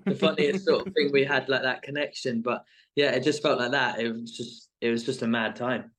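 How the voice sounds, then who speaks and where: Male guest, middle-pitched, chatty and rambling. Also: steady tone, brisk, fairly bright tone. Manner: rambling, full of "like" and "sort of". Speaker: reality show contestant guest. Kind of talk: casual interview chat.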